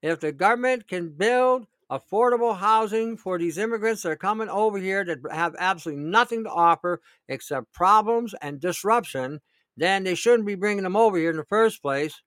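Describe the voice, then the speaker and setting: A middle-aged Canadian vlogger rants about politics, sarcastic and indignant, often laughing and repeating himself. His voice is high-pitched and fairly bright at a moderate pace, with clean studio sound and no room sound.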